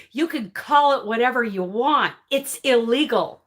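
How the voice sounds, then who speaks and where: A woman's voice: a little high, lively intonation, slow pace, long pauses. A woman hosting a casual livestream and answering viewer comments, emphatic and emotional, often apologizing and laughing between points. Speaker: crochet livestream host.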